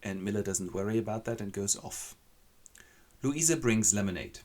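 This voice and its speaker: A man hosting a comic retelling of a play with toy figures, brisk and playful. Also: on the low side, darkish tone. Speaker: host.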